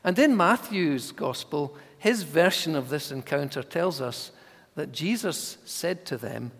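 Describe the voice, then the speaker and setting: Slow, emphatic male preacher in a reverberant church. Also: a little high, lively intonation. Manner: measured, emphatic, dropping to whispers for voiced thoughts. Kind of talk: sermon.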